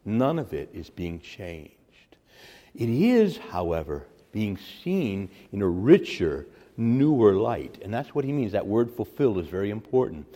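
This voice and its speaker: Priest guy teaching a sermon, super lively voice jumping up and down, echoey church hall. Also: measured pace. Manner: lively, animated, acts out quotes with sudden loud high bursts.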